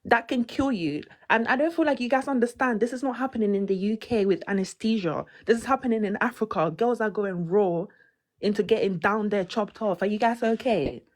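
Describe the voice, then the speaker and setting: A woman caller speaking in an emotional, indignant and forceful way. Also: mid-range voice, brisk. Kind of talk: impassioned call-in statement.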